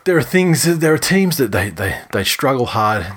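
Husky, sweary man. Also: medium pitch, very animated, normal speed, a bit bright. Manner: sweary, laughing, rambling. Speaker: podcast co-host. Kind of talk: casual sports chat.

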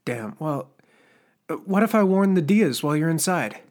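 A man's voice: mid-range voice, normal speed, natural voice. A man voicing a proud, hot-tempered teenage boy in an audiobook, speaking in a tense, raised, defiant way. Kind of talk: audiobook character voice.

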